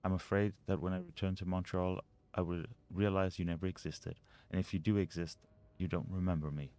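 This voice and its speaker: A man's voice: low voice, little pitch movement, fairly quick, dark tone. A man playing a mystery video game, reading notes and letters aloud and muttering over the puzzles. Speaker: let's play gamer.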